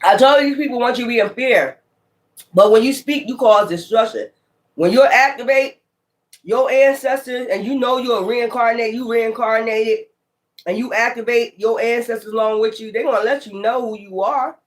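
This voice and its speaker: A tarot reader talking casually while pulling cards, animated and profane, often calling the listener child. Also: mid-range voice, normal speed.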